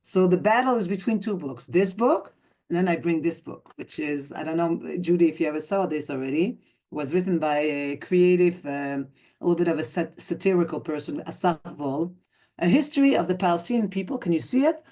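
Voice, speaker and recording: Belgian-born woman, 50s, lowish voice, emphatic speaker on a video call, acts out dialogue. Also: brisk, warm tone. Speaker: guest speaker, activist. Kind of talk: online talk.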